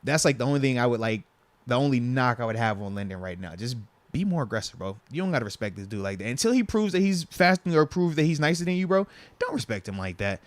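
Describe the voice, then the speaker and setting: A man's voice: mid-range voice, big pitch swings, fast talker, no room sound. Laid-back man hosting sports talk. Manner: laid-back, slangy, says "bro" and "man". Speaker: podcast host. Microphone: lapel mic.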